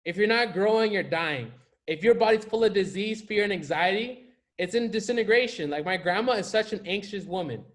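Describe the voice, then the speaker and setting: A man's voice: high-pitched, a little fast, fairly bright tone. A man coaching viewers in a casual motivational talk to camera, emphatic and slangy, often repeating his key phrases for effect. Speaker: life coach.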